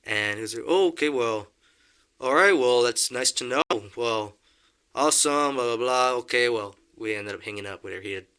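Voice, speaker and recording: A man's voice: mid-range voice, moderate pace, pushed and bright, clear, resonant tone. A young man telling a story in casual conversation, acting out quotes and laughing often. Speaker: podcast guest.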